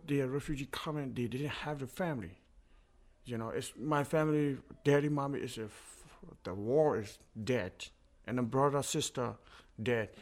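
A man whose first language is not English, speaking halting, broken English in an interview. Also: medium pitch. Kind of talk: casual interview talk.

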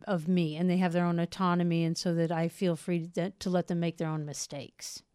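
A woman's voice: on the low side, flat delivery, a little fast, mellow, clean tone, dry recording, clean studio sound. A middle-aged woman from Portland, a novelist, answering interview questions in an earnest, reflective way. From United States (Portland, Oregon). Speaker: novelist guest.

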